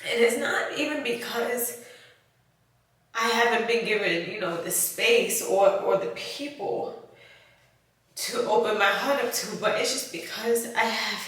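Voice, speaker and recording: A woman YouTuber opens up in a confessional vlog, speaking slowly with long pauses, sighs and fillers. Her throat sounds tight as she holds back emotion. She sits well away from the mic in a very echoey room. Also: on the high side, a bit bright, recorded from a distance.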